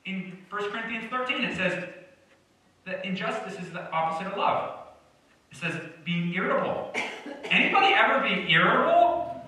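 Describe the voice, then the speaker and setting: A young male pastor preaches in a high, bright, forceful voice with lively intonation, a moderate pace, and long pauses. He jokes conversationally and draws responses from the congregation, recorded from far off in an echoey church sanctuary.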